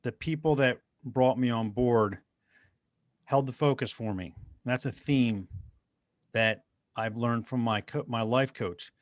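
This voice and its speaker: A man's voice: mid-range voice, takes it slowly, long pauses, dry recording, studio quality. A middle-aged man, a guest motivational speaker, telling personal stories in an earnest, conversational interview style. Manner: earnest, anecdotal, addresses host by name.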